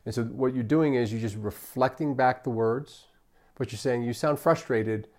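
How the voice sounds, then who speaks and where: A man's voice: medium pitch, moderate pace, a little mellow. A man giving a customer service training talk, often checking in with "right?" and acting out what customers and staff say. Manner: coaching, repeats "right?" often, acts out customer quotes. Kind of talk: training lecture.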